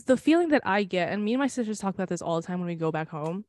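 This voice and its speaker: A woman's voice: mid-range voice, lively intonation, rapid-fire, a little mellow, dry recording. A young woman co-hosting a podcast in casual chat, laughing often and swearing freely as she talks. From Philippines. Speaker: podcast co-host.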